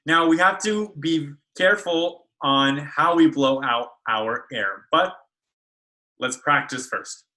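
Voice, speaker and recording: Slow, clear-voiced man teaching speech sounds. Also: a little high, pushed and bright, rough recording. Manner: slow, careful modeling of sounds. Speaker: speech therapist. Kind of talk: instructional video lesson. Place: school.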